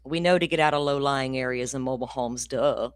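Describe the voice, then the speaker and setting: A woman's voice: a bass voice, a little fast, no echo, studio quality. A middle-aged woman, hosting a casual true crime livestream in a rambling, profane, ranty way.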